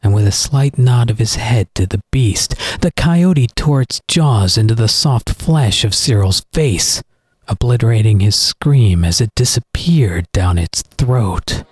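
A man reading a horror story aloud in an expressive, dramatic narrating style. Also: fairly low pitch, unhurried, husky, dry recording. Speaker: audiobook narrator.

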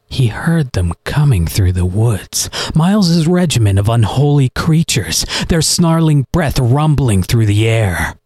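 A man reading a horror story aloud in an expressive, dramatic narrating style. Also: mid-range voice, breathy edge, dry recording. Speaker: audiobook narrator.

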